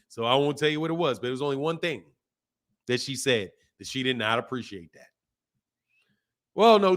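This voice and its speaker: A man hosting a boxing livestream, talking in a slangy, animated way and laughing often while reading out viewer messages. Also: high-pitched. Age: adult, a father. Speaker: boxing channel host. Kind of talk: casual livestream chat.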